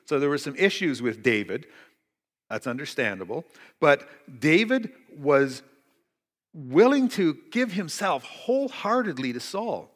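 A middle-aged male pastor preaching a morning sermon, telling a story with lively asides and occasional jokes. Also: a little high, measured pace. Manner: storytelling, animated, jokey asides. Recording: reverberant hall.

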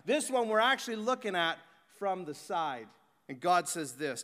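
A man delivers a sermon in a high, bright voice that carries a long reverb through a large church hall. He moves between eager, animated talk and quiet, slowed-down reverence. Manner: swings from excited, animated talk to hushed, slow reverent delivery. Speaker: pastor.

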